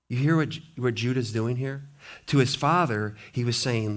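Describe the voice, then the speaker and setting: A man pastor preaching a sermon, reading scripture aloud with dramatic swings between hushed, low passages and loud, raised ones. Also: unhurried.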